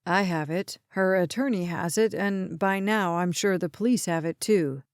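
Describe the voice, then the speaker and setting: A woman voicing a patient, level-headed man who keeps his tone steady and reassuring. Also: fairly low pitch, clean tone, no room sound, studio quality, lightly acted. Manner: quiet, measured, soothing. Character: steady, patient younger man, calm and careful.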